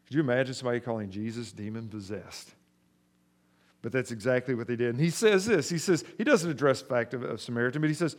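A man's voice: medium pitch, fast talker. A man preaching a sermon as pastor, speaking conversationally to the congregation and pushing hard on stressed words. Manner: emphatic, rising sharply in volume for stress.

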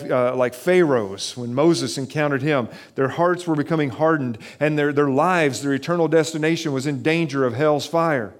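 Earnest male pastor preaching a sermon. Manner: earnest, pleading, with frequent restarts; drops softer and lower for reflective questions.

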